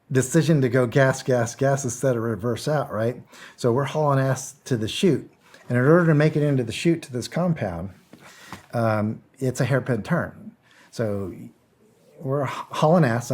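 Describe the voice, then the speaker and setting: A middle-aged man, a guest on an interview show, telling a story in a casual, blunt way, acting out the dialogue and chuckling often. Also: mid-range voice. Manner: animated storyteller, acts out quotes, chuckles. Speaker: guest, former security contractor.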